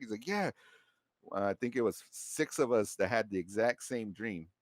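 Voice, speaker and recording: Male podcast guest, deep voice, laid-back storyteller who rambles with slang. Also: animated, normal speed, no echo, studio quality. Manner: loose and rambling, heavy slang and swearing. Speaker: podcast guest, former Marine. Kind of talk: casual storytelling.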